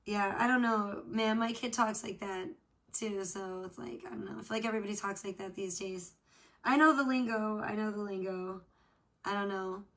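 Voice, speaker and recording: A woman hosting a casual livestream chat off camera, rambling to her viewers, swearing freely and trailing off with "I don't know.". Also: medium pitch. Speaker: livestream host. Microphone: off camera, not seen.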